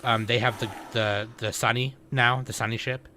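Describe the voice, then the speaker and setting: A man's voice: mid-range voice, level tone, moderate pace, pushed and bright, slight background noise. A man on a casual podcast, retelling scenes loosely with lots of swearing and acted-out quotes. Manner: loose, profane, acts out characters' lines. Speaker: podcast co-host.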